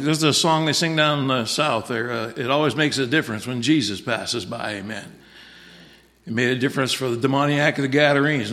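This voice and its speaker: A man's voice: medium pitch, a bit bright, big-room sound. A man preaching a sermon in a folksy, repetitive way, dropping in frequent amens.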